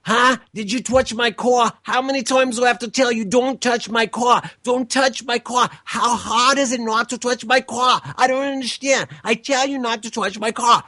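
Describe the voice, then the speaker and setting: A young woman in a full screaming fit, shrill and strained. She hammers the same question again and again in outrage, her voice pitched far up and thinned out. The sound is dry and close. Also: fairly even intonation, normal speed, few pauses, bright, forceful tone, no echo. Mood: screaming, outraged. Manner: shrieking, repeating herself in outrage.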